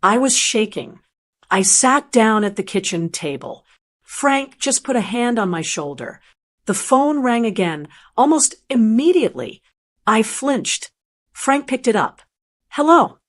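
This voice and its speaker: A woman reading a first-person family drama aloud, measured and earnest. Her voice sits somewhat high, steady and composed through the telling. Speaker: narrator. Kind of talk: first-person story narration.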